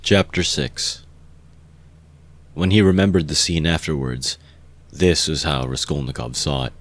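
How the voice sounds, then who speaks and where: A man calmly narrating an amateur audiobook reading of a classic novel. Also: rumbling low, unhurried.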